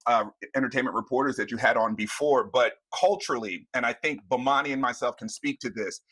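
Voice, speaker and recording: A middle-aged man speaking as a guest on a live news panel, earnest and emotional, pausing and restarting as he searches for words. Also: medium pitch, a bit bright, breathy edge. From United States.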